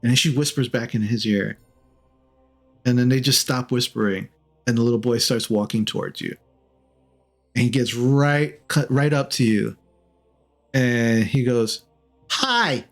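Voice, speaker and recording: A man's voice: medium pitch, fairly even intonation, unhurried, pauses often. A man narrating as game master of a tabletop game, rambling and using lots of fillers. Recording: faint music behind.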